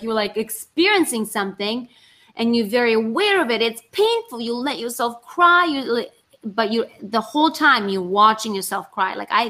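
Woman, actress, chatty and animated, voice sitting a bit high. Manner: animated, talks in rushes, acts out her inner voice. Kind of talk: casual conversation.

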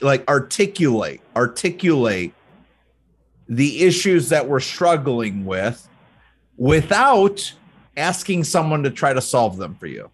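A man hosting a podcast interview, talking in an animated, emphatic way and often repeating words as he builds a point. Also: on the high side. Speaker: podcast host. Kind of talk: casual interview chat.

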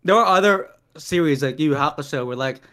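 A young man co-hosting a casual podcast chat. He rambles loosely and leans on fillers, and his voice sits a little on the high side. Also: animated, a little fast, a bit bright. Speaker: podcast co-host.

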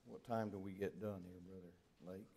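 A loud crowd surrounds this older visiting preacher, whose deep voice has vocal fry, fairly even intonation, and a brisk pace. With a Deep South Alabama accent, he drawls folksy, joking stories into a church microphone from the pulpit of the sanctuary as his sermon introduction.

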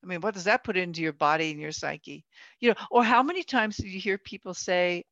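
A woman's voice: fairly low pitch, fairly quick, fairly bright tone, dry recording. A woman in her sixties in casual conversation, telling stories chattily, acting out quotes and laughing often. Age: 60s. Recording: dull dry lo-fi sound.

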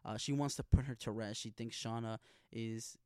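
A man's voice: mid-range voice, fairly even intonation, normal speed, mellow, clean tone, dry recording, clean studio sound. A young man recapping a TV episode from his notes, casual, slangy and full of swearing. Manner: profane, slangy, emphatic. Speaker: TV episode reaction host.

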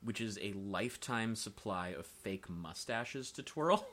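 Man, voice actor guest, casual podcast chat, swears and laughs a lot, bright and lively. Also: fairly low pitch, a little slow. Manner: animated, laughing, swearing freely.

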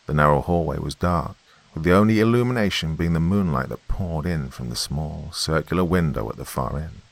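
A man narrating a first-person horror story, tense and expressive with dramatic pauses. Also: a bass voice, vocal fry, no room sound.

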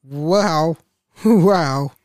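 Man, solo podcast host, loose and profane, stammers, fairly high voice, dry close sound. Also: very slow, darkish tone, dry recording. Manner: profane, rambling, stammers and laughs between thoughts. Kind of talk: casual solo podcast rant.

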